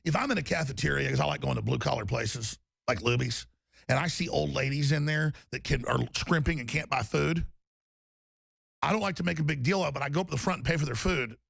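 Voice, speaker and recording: Male talk host, 40s, gravelly and raised in pitch, impassioned shouting rant. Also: quick pace, dry recording, clean studio sound. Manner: impassioned, shouting, emotional tirade. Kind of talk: ranting talk show monologue.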